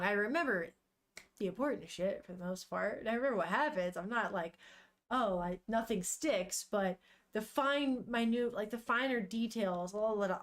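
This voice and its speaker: A young woman on a casual live stream, reading a manga aloud, chatting with viewers, swearing freely and laughing often. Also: fairly high pitch.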